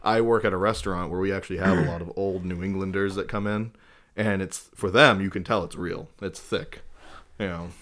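Low-voiced Maine man, casual podcast chat. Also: steady tone, a little fast, fairly bright tone. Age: young adult. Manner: swearing, laughing storyteller. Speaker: podcast co-host.

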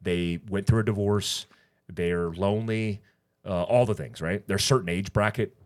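A man's voice: low voice, moderate pace. A middle-aged man co-hosting a podcast, telling a story casually and acting out the other people's lines. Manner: rambling, animated retelling with quoted dialogue. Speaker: podcast co-host.

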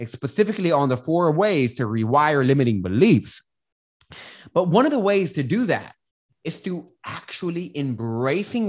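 A self-help coach giving candid casual advice, explaining through a personal story with frequent restarts. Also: mid-range voice. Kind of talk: casual advice monologue to camera.

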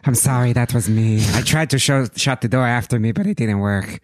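A man playing a tabletop game, speaking in character in a polite, deadpan way. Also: mid-range voice, fairly quick, dry recording, clean studio sound. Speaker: player.

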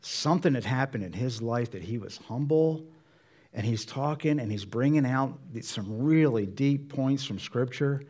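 A pastor giving a sermon in a conversational way, acting out Bible dialogue with changes of voice. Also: male voice, medium pitch, moderate pace, darkish tone.

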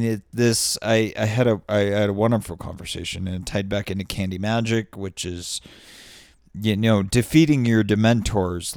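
Man, podcast host, casual monologue, low smooth voice, unhurried, rambling, profane, laughs a lot. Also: no echo, studio quality. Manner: rambling and profane, many restarts and frequent laughter.

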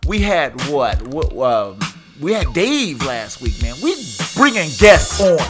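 A man's voice: on the high side, very animated, slow pace, over music. A man hosting a casual movie-review podcast, joking around and hyping up his co-host and guests.

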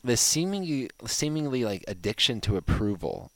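A man's voice: mid-range voice, sing-song, normal speed, fairly bright tone, no echo. A man hosting a podcast interview, talking enthusiastically and leaning on fillers like "like.". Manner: enthusiastic, filler-heavy with lots of "like". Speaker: podcast host. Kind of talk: casual interview chat. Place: home in Hawaii.

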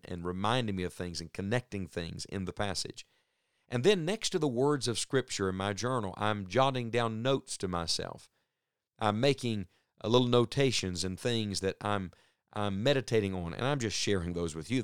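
A man teaching through a Bible passage on the radio in an earnest, measured way, stressing points through repetition. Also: lowish voice, smooth, dry recording, clean studio sound.

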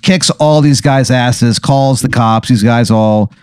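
A man on a comedy podcast, telling a wild improvised story at a mid-range pitch. He rambles through it, piling on "like" and "uh" and plenty of swearing. His voice is close and dry, with no room around it. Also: slow, clear, resonant tone, no room sound. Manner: rambling delivery full of fillers and profanity. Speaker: podcast guest.

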